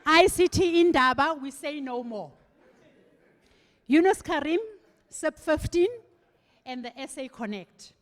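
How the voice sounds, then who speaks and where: A middle-aged woman with a South African accent tells stories at a farewell event, slipping into the voices of the people she remembers. Her voice sits somewhat high. It rings with the long reverb of a large hall. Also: unhurried, long pauses. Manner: animated storytelling, acting out quoted voices. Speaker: farewell speaker. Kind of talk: anecdotal farewell speech.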